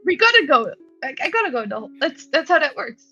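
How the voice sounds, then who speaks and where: A woman's voice: sits high, very animated, fast, over loud music. A woman player explaining her character's plan, blunt and emphatic, on a dull lo-fi mic. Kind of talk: casual chat.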